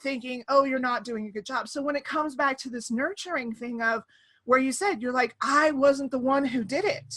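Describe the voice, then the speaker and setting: A woman in her thirties hosting a casual chat over an online call, animated and laughing, often acting out quoted voices. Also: high-pitched, moderate pace. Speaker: podcast host.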